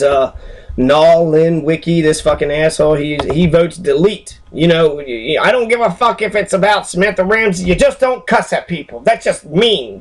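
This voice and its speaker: A man's voice: medium pitch, a little mellow, slight background noise. A man ranting angrily and profanely while he walks through a screen recording, rambling and full of fillers, with a sarcastic, mocking edge. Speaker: channel host. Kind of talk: angry screen-recorded rant.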